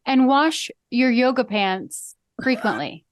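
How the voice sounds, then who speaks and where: A woman's voice: fairly high pitch, very animated, slow, dry recording, clean studio sound. A woman co-hosting a podcast in casual chat, giggly and chatty, with lots of "like". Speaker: podcast co-host.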